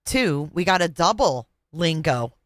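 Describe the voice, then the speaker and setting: A woman's voice: deep voice, lively intonation, unhurried, heavy background noise. A woman hosting a live reaction stream, amused and playful as she thanks viewers and reads their comments. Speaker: livestream host.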